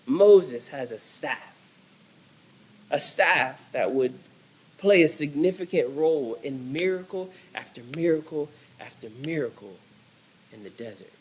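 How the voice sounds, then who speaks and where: A man's voice: fairly high pitch, animated, normal speed, husky, poor audio. A male pastor preaching a sermon, emphatic and repetitive, restarting phrases as he builds.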